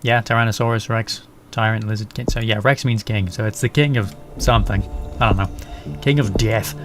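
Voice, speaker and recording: Young man, low voice, casual gameplay commentary, swears a lot, rambling, music behind. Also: fairly even intonation, brisk. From England. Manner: rambling, sweary, self-mocking. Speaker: gaming YouTuber. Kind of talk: casual let's play commentary. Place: home, English countryside.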